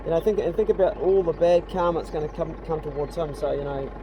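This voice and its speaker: A man's voice: on the high side, fast, noisy background. A middle-aged man, chatting casually and bluntly on a vlog outdoors on a rural property. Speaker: vlogger. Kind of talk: casual chat.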